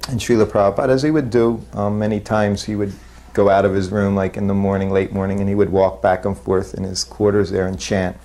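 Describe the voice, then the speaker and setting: Guy with a lowish voice telling stories from his past, easygoing and a bit self-mocking. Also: flat delivery. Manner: unhurried, self-deprecating storytelling with soft laughs. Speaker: disciple recalling memories. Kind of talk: spoken reminiscence.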